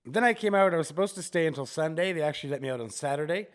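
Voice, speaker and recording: A man co-hosting a podcast in casual chat, telling animated, joking stories while recovering from chemotherapy. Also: a little high, rapid-fire. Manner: animated storytelling, jokey. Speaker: podcast co-host.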